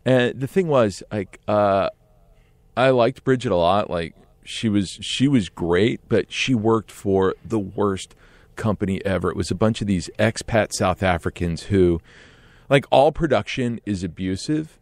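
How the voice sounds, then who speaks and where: A middle-aged man telling a casual story in an animated way, often laughing and acting out what others said. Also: on the low side, a little slow, no echo. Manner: animated, laughs often, acts out quoted voices.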